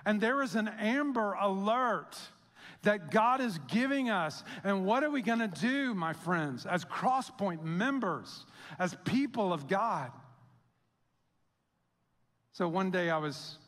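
Pastor, middle-aged man, high voice, chatty storyteller, preaching in a reverberant sanctuary. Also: lively intonation, takes it slowly, a bit bright. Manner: conversational storytelling, acts out quoted voices. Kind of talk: sermon. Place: church sanctuary. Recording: long hall reverb.

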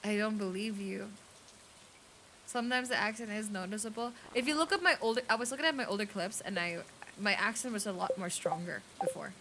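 A woman's voice: medium pitch, brisk, pushed and bright, slight background noise. A young woman with a light Filipino accent, chatting casually on a game stream, reading chat aloud and swearing freely.

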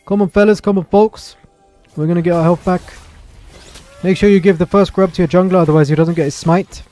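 A young man commentates his own match live for his stream, chatty and excitable. His voice sits a little high, with a mellow, soft tone. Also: fairly quick, soft background music. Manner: excitable, chatty, apologetic asides to chat.

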